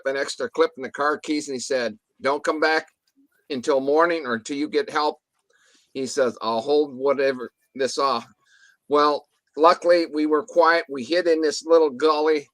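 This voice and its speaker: A man's voice: fairly high pitch, a bit bright, no echo. A man telling a story in a casual interview, rambling with restarts and mild swearing, acting out what others said. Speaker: guest telling an encounter story.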